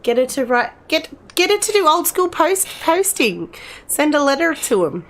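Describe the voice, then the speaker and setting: A woman's voice: high-pitched, sing-song, moderate pace, a bit bright, a little hiss or hum. Chatty woman streamer. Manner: chatty, rambling with many restarts. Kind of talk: casual chat with live chat viewers.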